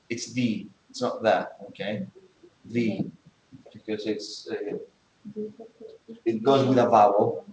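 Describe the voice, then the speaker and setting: Male language teacher, lowish voice, unhurried delivery, roomy classroom sound, patient step-by-step explaining. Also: steady tone, a little mellow, a little hiss or hum. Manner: explains slowly, step by step, with many okays. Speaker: English teacher. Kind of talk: classroom lesson.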